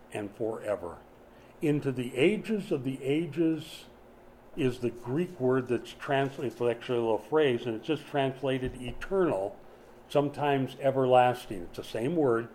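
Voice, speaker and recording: A man's voice: medium pitch, mellow, a little hiss or hum. A man in his sixties preaching a sermon in a conversational way, putting questions to his congregation. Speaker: pastor. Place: small church during a power outage.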